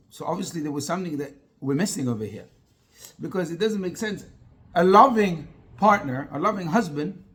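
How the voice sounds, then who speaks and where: A rabbi leads a lively class and keeps pressing his listeners with question after question. His voice sits a little high for a man and stays expressive throughout. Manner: animated, asks the class many rhetorical questions. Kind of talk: interactive Torah class.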